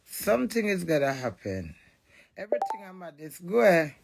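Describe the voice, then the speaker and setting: A woman's voice: on the low side, very animated, brisk, gravelly, slight background noise. A woman with a Jamaican accent in a brash, fiery, swearing rant. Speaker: social media personality. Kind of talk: ranting monologue.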